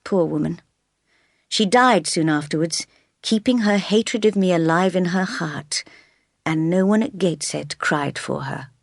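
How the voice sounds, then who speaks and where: A woman reads a classic novel aloud in a calm, measured way, pitched a little low. The sound is close and dry, with no room around it. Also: gravelly, no room sound. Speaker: narrator. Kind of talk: scripted audiobook narration.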